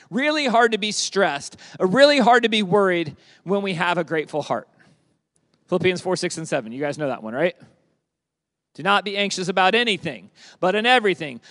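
A man teaching a summer youth group from the Bible, lively and conversational, asking the group questions and repeating their answers. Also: high voice, dry recording. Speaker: youth pastor.

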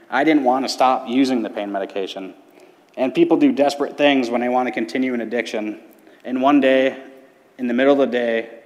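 A man in his thirties, a youth pastor, telling his personal testimony from a church stage with earnest, paced storytelling. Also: medium pitch. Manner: earnest storytelling with dramatic pauses. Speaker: middle school ministry pastor. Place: church sanctuary. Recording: long church hall reverb.

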